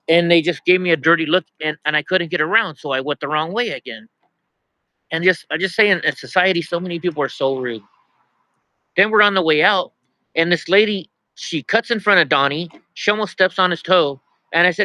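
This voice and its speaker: A man's voice: on the high side, brisk, sharp tone, no echo, rough recording. A man telling a story in a casual vlog, exasperated, repeating himself as he complains. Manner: exasperated, repeats himself, quotes others in his own voice. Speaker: vlogger.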